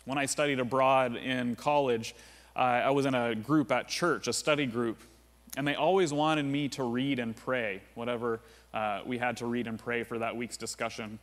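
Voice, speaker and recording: A man's voice: medium pitch, steady tone, normal speed. A man preaching a sermon as pastor in a casual, conversational way, often saying "like" and "uh". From United States. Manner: conversational, with frequent "like" and "uh" fillers. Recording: long reverb of a large room.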